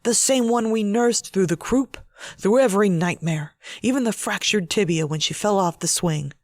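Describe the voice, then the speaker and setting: A woman voicing a weary husband who pleads in a low, hushed voice to protect a frightened little girl. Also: big pitch swings, a little slow, vocal fry, breathy edge, dry recording, full character voice. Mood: hushed, pleading.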